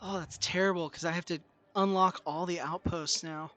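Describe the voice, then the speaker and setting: A man's voice: sits high, moderate pace. A man giving live, self-deprecating commentary to his viewers while streaming a video game. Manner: expressive, self-deprecating, talks to chat. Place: home room, indoors.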